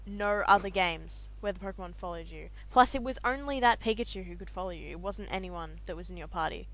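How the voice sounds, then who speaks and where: A woman co-hosting a casual podcast chat over a call, chatty and giggly, often trailing off softly. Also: fairly low pitch, brisk, rough recording. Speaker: podcast co-host.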